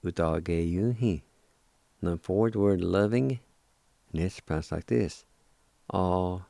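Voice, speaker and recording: A man hosting a radio language lesson, spelling and pronouncing each word slowly and patiently, repeating it several times. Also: deep voice, vocal fry, warm tone, no echo. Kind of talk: slow spelling and pronunciation lesson.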